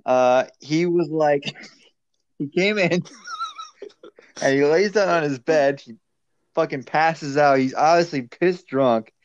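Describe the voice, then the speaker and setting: A man's voice: fairly high pitch, takes it slowly, long pauses, dry recording, dull audio. A man recalling stories as a guest in a casual chat, swearing casually and laughing as he talks. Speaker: podcast guest.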